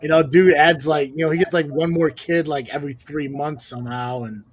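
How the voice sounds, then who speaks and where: A man's voice: a little high, steady tone, brisk, a little hiss or hum. A young man hosting a casual podcast chat, laid-back, muttering asides under his breath. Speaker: podcast host and wrestling promoter.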